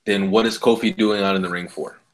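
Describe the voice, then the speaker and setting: A man's voice: fairly low pitch, fairly even intonation, a little fast. Man, podcast co-host, fired-up cursing rant, casual talk. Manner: heated, profane ranting. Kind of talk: casual wrestling chat.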